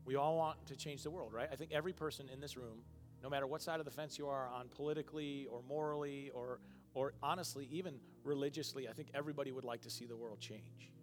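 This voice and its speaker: A male pastor preaching a sermon, moving from quiet, emotional passages to loud, emphatic ones. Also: mid-range voice, steady tone, fast talker, faint music behind. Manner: emotional, swings from soft and hushed to loud and emphatic.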